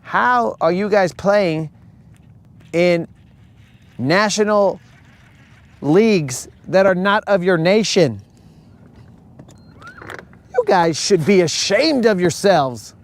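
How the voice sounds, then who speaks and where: Slow, ranting young man. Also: high voice, animated. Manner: ranting, joking, says bro a lot. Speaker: fishing livestream host. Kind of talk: casual live-stream rant.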